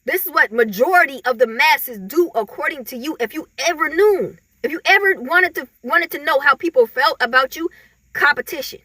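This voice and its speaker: A woman vents in a casual monologue, her voice high and bright. She laughs freely and acts out other people in mocking voices. The sound is close and dry, with no room around it. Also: expressive, moderate pace, no room sound. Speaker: vlogger.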